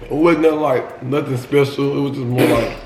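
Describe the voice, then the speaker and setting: A man's voice: medium pitch, steady tone, a little fast, over music. A young man, teasing and laid-back as he co-hosts a mukbang. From Texas, United States. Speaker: co-host of a couples channel. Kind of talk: casual mukbang chat. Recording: echoey room with faint hum.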